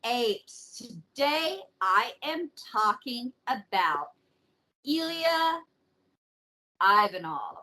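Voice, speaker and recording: A woman's voice: on the high side, sing-song, sharp tone, low-quality recording. A woman hosting a podcast, telling a true story in a casual, joking way with some swearing. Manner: slow, joking, swears freely.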